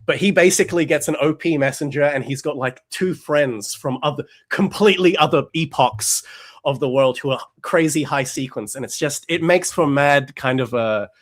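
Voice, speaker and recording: The podcast host is a man with a slightly high voice at a moderate pace, chatting casually with plenty of energy. He does little character voices for quotes and restarts himself frequently.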